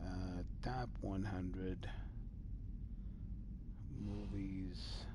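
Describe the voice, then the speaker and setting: A man hosting a live stream, rambling casually through old news and swinging between loud exclamations and low mumbling, with casual swearing. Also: fairly even intonation, drawn-out words, background noise. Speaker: host.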